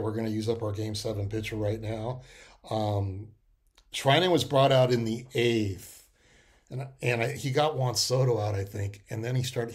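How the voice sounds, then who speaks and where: Podcast host, middle-aged man, casual emotional monologue, average pitch. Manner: emotional, rambling, with many restarts and fillers.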